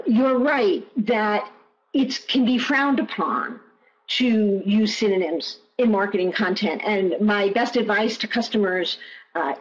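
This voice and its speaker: A woman presenting in a webinar, answering questions in an emphatic way and repeating key phrases. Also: medium pitch. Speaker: guest presenter. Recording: muffled online audio.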